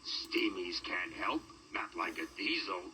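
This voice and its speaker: A man's voice: low-pitched, expressive, unhurried, bright, forceful tone, slight background noise, pitched below the performer's own voice, heavily acted. A man voicing a mocking, boastful male diesel engine in a storybook reading. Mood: sneering. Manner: mocking, taunting.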